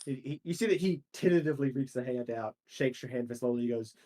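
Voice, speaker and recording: A man's voice: medium pitch, fast talker, dark tone. A man running a tabletop game as game master, narrating in a loose, chatty way with many fillers.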